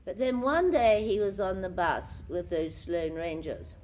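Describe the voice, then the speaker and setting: In a convention room, this older actress is being interviewed and performs the quoted lines of her stage stories like a theatrical storyteller. She speaks at a measured pace in a lowish, animated, darkish voice, with slight background noise.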